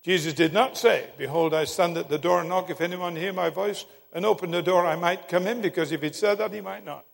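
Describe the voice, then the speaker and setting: A man preaching a sermon, telling stories with dramatic emphasis and long pauses. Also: high voice, gravelly. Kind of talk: sermon with storytelling. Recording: long hall reverb.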